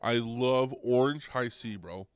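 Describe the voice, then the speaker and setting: A young man hosting a podcast, ranting comedically with lots of swearing and restarts, getting louder and higher when worked up. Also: takes it slowly, clean tone, no echo. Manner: rambling, profane, restarts, goes loud and high when riled. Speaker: podcast host. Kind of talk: comedic rant.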